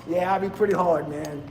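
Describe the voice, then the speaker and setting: Laughing often and speaking bluntly, this fifties-aged livestream host from New Jersey rambles through casual chat with his audience. His voice sits high, and background noise can be heard.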